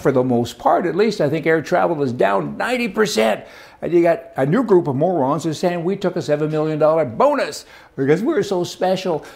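A man's voice: a little high, gravelly, a little mellow. A middle-aged man from Canada delivering a blunt, sarcastic monologue of opinion commentary.

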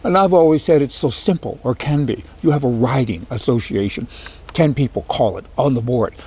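A man's voice: mid-range voice, a little fast, dark tone, husky. A man hosting a political commentary monologue, ranting with sarcastic asides. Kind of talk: opinionated monologue.

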